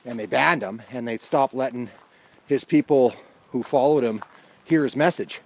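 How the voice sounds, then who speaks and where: A man's voice: medium pitch, moderate pace. A man vlogging outdoors in a casual, rambling monologue with wry, chuckled asides.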